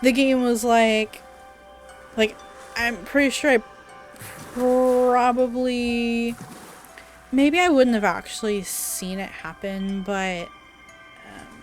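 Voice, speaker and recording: A woman's voice: on the high side, slow pace, pauses often, faint music behind. A woman playing a visual novel, reading the story aloud with dramatic narration and dropping into casual asides. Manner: dramatic read-aloud broken by chatty asides and laughs. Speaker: let's play player.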